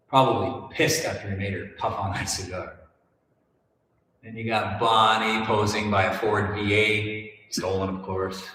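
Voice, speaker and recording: A man's voice: lowish voice, sharp tone, slight background noise. A male host telling a story in a joking, irreverent way, swearing now and then. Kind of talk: comedic storytelling. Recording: echoey room from far off.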